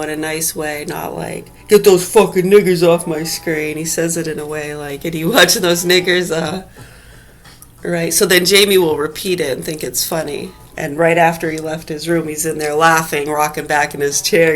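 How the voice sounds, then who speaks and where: A mother ranting angrily to camera in a vlog, cursing heavily and swinging between low muttering and shouted outbursts. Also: poor audio. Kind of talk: angry profane rant vlog.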